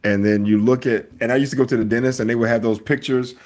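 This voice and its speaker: Animated storytelling podcast man. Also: medium pitch, fast talker. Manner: animated storyteller, acts out voices. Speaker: podcast co-host. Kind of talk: casual podcast chat.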